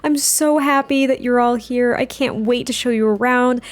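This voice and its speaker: A sweet young woman in a life-sim game gushes with soft warmth over her visiting family, as a woman voices her a little above her own pitch. She sounds lighter and brighter than plain talk, though not strongly acted. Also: moderate pace, natural voice. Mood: gushing. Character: young adult woman, sweet and affectionate daughter.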